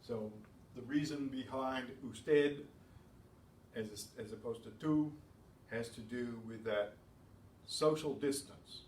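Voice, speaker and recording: Slow, with long pauses, a man with a mid-range, darkish voice teaches a beginners' Spanish class, explaining rules methodically amid chatty asides. The recording has slight background noise, faint ambience, an echoey room and a distant mic.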